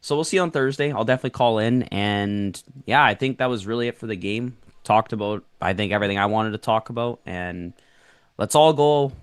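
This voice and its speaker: A male caller chatting on a live show, hesitant and prone to repeating himself. His voice sits a little low and comes through smooth and clear, with a dry sound and no room echo. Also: fairly quick. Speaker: regular caller. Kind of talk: casual call-in chat.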